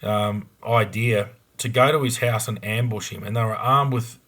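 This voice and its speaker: Blunt Australian man, lowish voice. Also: steady tone, normal speed, a bit bright. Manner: blunt and frank, with a lot of ums and restarts. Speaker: former police investigator. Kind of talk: casual podcast storytelling.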